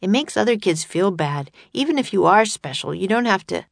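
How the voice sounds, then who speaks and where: A woman's voice: mid-range voice, expressive, fairly quick, vocal fry, no room sound, studio quality, pitched above the performer's own voice. A woman reading a storybook and voicing a sensible, cautious young boy who talks firmly and a little sternly.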